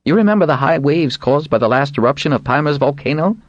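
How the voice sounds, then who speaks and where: A man's voice: a little high, lively intonation, quick pace, dry recording, lo-fi sound, voice pushed up. A man voicing an anxious male scientist who earnestly warns of a coming disaster in an audiobook. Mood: warning. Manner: earnest, hasty.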